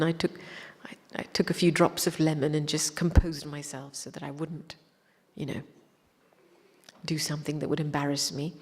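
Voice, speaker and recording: A woman giving a spiritual talk, recalling a personal story in a reflective, gentle way. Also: low-pitched, slightly rough, in a large hall. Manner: reflective, gentle anecdotal telling. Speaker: spiritual speaker.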